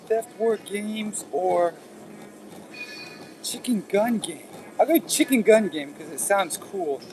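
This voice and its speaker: A man's voice: high voice, darkish tone, rough recording. A man hosting a casual livestream, chatting with viewers in a rambling, easygoing way while working out on an elliptical. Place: indoors at an exercise machine.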